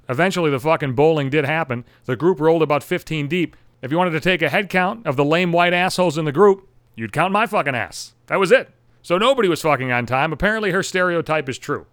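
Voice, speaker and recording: A man hosting his own podcast, telling a story in a casual, profane, sarcastic way with animated retelling. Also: fairly high pitch, fast, no room sound. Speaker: podcast host.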